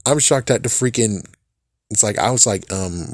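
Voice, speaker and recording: A man's voice: fairly low pitch, expressive, normal speed, no room sound, studio quality. A man giving a casual, rambling spoiler recap of a movie, swearing often and laughing at it. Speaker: movie reviewer.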